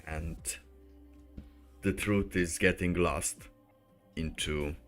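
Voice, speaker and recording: Slow, deep-voiced male stream host. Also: steady tone, a bit bright, faint music behind. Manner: rambling, loosely strung thoughts. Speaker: livestream host. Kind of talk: livestream commentary.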